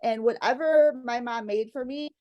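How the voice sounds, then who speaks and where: A middle-aged woman, a guest, telling a family story in casual chat, animated and laughing often, acting out what her family said. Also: a little high, normal speed, highs cut off.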